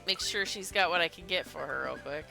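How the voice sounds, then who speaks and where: A woman's voice: sits low, brisk, vocal fry, bright, forceful tone, soft background music. A young adult woman streaming a game with playful, trash-talking casual commentary. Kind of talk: casual let's-play commentary.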